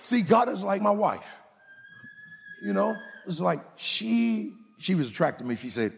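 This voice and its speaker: A man's voice: mid-range voice, moderate pace, gravelly, long reverb tail, slight background noise. A middle-aged male pastor preaching a sermon, telling playful stories and calling out to the congregation. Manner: folksy preacher, playful storytelling, calls out to the congregation.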